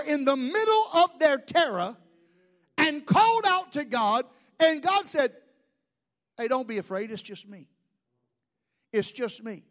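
A man in his fifties, a pastor preaching an animated sermon full of rhetorical questions. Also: extremely high pitch.

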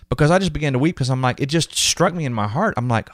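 A man's voice: medium pitch, fast talker, few pauses, no room sound, studio quality. A man hosting a podcast, telling personal stories in an earnest, emotional, casual way and acting out what others said to him. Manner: earnest, emotional, animated retelling of quotes. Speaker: podcast host. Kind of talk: casual conversational storytelling.

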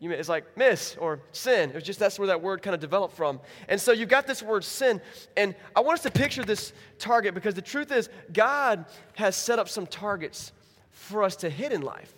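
A man's voice: high-pitched, normal speed, big-room sound. A man preaching a sermon as pastor, telling stories animatedly and acting out the people in them. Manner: animated storytelling with acted-out quotes. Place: church.

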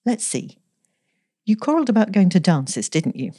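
A woman voicing a calm, teasing, kind-hearted young woman who speaks drily and cheerfully. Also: medium pitch, normal speed, breathy edge, no echo, clean studio sound, voice pushed up.

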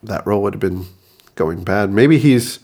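A man's voice: fairly low pitch, animated, moderate pace, a little mellow. A man co-hosting a podcast in casual chat, curious and asking questions, laughing easily. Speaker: podcast co-host.

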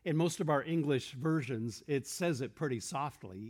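A man's voice: medium pitch, normal speed, darkish tone, slightly rough. A man preaching a sermon in a church room, earnest and explanatory, posing questions and quoting verses to the congregation.

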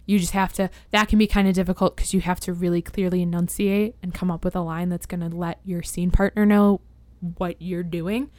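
A woman's voice: on the low side, steady tone, brisk, a little mellow, no echo. A woman guest chatting casually on a podcast and telling stories. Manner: chatty, storytelling with playful put-on voices. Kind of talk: casual chat.

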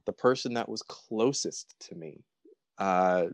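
An earnest man speaks as a guest on a casual podcast, picking his words slowly in short, halting phrases. His voice sits fairly low. The sound is dry and close. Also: no echo. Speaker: podcast guest, actor and writer.

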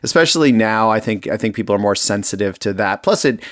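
Man, podcast co-host, casual chat, easygoing, hesitant, low voice, dry close sound. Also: lively intonation, fast talker, a bit bright, dry recording.

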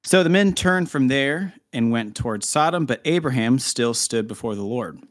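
A man's voice: mid-range voice, lively intonation, moderate pace. A man co-hosting a casual podcast, reading scripture aloud with playful, joking asides and frequent laughter.

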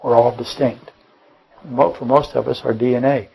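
A man's voice: mid-range voice, fairly even intonation, moderate pace, vocal fry, slightly rough, highs cut off. A man preaching a Bible-study sermon, rambling and correcting himself mid-sentence, firing off rhetorical questions and dropping joking asides. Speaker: pastor.

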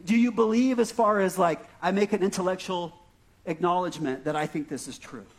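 High-voiced pastor chatting through a sermon. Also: male voice. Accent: Arizona. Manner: conversational and self-deprecating, frequent "right?" and "okay?".

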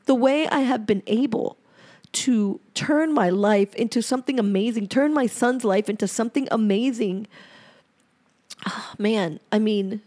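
A woman's voice: on the high side, a little mellow. Earnest woman reading her own journal. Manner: earnest and emotional, often halting and repeating herself. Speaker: podcast host. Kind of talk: reading her own journal aloud, then personal reflection.

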